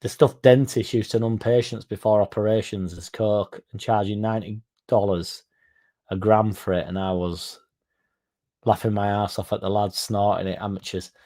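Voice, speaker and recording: Male fan-channel host, lowish warm voice, casual sweary rambler. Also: steady tone, normal speed. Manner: sweary, rambling, self-mocking.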